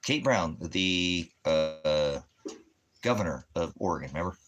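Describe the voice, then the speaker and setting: A man's voice: deep voice, expressive, unhurried, muffled recording. A man ranting in a rambling, heavily profane monologue as the host of his own channel. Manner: swears heavily, rambling, laughs often.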